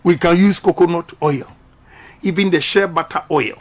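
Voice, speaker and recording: A middle-aged man with a Ghanaian accent delivers a campaign speech, pitched noticeably high for a man. He is forceful and emphatic, repeating his key lines so they land with the crowd. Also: normal speed. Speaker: politician.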